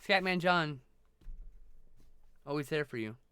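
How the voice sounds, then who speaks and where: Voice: mid-range voice, expressive, slow pace, clear, resonant tone, no room sound. A live streamer chatting casually with viewers, thanking them and swearing freely. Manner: greets and thanks viewers warmly.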